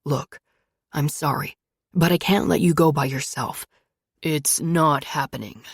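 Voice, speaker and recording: A woman voicing a brooding, possessive young man who talks in a low, gruff mumble. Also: a little slow, no echo, clean studio sound, heavily acted.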